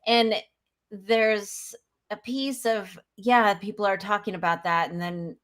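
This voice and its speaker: A woman's voice: medium pitch, steady tone, slow pace, a bit bright. A woman hosting a podcast interview, asking reflective questions. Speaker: podcast host. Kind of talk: interview conversation.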